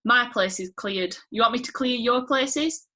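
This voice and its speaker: A woman's voice: fairly high pitch, a little slow, pushed and bright. A woman teacher reading out the lines of a brutish, domineering young husband from a play, plainly and without putting on an accent, over a video call. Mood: angry.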